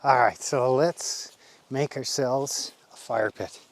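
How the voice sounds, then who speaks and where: A man's voice: mid-range voice, slow, a little hiss or hum. A man from Canada showing a friend how to set up a fire pit at a woodland camp, practical and matter-of-fact. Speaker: bushcraft guide. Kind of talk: casual outdoor explanation. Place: woodland campsite outdoors.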